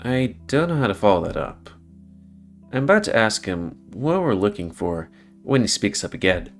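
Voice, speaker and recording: A man's voice: fairly low pitch, sing-song, normal speed, faint music behind. A man voicing a blunt young working man in a visual novel, wry and plain-spoken, close to his own voice.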